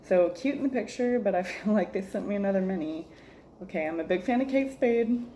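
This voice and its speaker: A woman's voice: medium pitch, a little fast, dark tone, a little hiss or hum. A woman reviewing a jewelry subscription in a casual vlog, joking, exasperated, laughing often and calling her viewers y'all.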